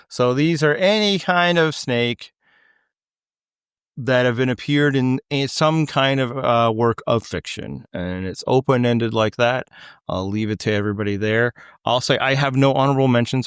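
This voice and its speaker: A man's voice: medium pitch, fairly bright tone, smooth, no echo, studio quality. A middle-aged man with a Canadian accent, hosting a casual podcast chat in a loose, rambling way that wanders mid-sentence. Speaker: podcast host.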